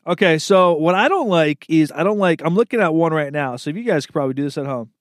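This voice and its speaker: Profane rambling young man, higher voice. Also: animated, fast talker, no echo, clean studio sound. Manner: profane, rambling, calls everyone dude, laughs at own jokes. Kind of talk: comedic solo riffing.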